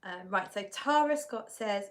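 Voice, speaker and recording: A woman's voice: medium pitch, animated, a little slow. A woman hosting a live stream, chatting casually as she reads out viewer comments, giggly and often correcting herself. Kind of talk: casual chat.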